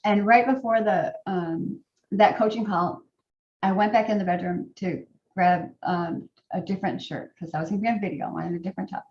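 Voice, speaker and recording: A middle-aged woman telling a personal story to a group, in a halting way with many fillers and restarts. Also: medium pitch, steady tone, slight background noise. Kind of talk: personal testimony talk. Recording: roomy, distant, dull sound.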